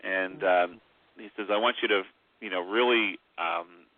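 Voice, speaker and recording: A man with a low voice tells rambling stories full of fillers as a guest on a radio interview. His voice comes over a tinny phone line, dry and close. He speaks in an easy, unhurried way. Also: dry recording. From Mi'kmaq heritage. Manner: rambling storyteller, many fillers. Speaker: author guest.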